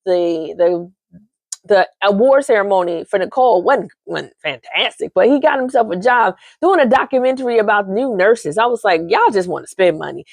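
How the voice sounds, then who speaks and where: A woman recapping a soap opera in casual chat, sassy and chatty with lots of animated asides. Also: medium pitch, normal speed, no echo.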